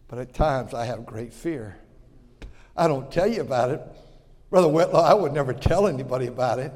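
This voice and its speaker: A male pastor preaching a sermon, swinging between shouted emphasis and hushed, confessional tones. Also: mid-range voice, brisk, in a large hall.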